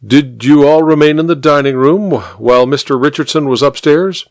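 A man voicing a calm, methodical, polite police officer in a dry storybook reading. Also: fairly high pitch, normal speed, no echo, pitched above the performer's own voice, close to an everyday voice. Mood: questioning.

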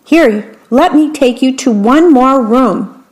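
A woman's voice: high-pitched, slow pace, a little mellow, voice pushed up, low-quality recording. A woman voicing a pompous, greedy king in a storybook reading, exclaiming in delight and giving orders.

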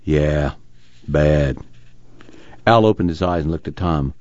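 A man reading a novel aloud in measured, expressive narration. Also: deep voice, no echo. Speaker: audiobook reader. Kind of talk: scripted narration. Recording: muffled, dry.

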